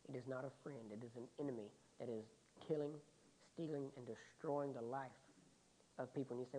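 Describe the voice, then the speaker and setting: A man preaching a sermon and recounting a personal story with deep emotion, often dropping to a hushed voice. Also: fairly even intonation, brisk, a little hiss or hum, low-quality recording.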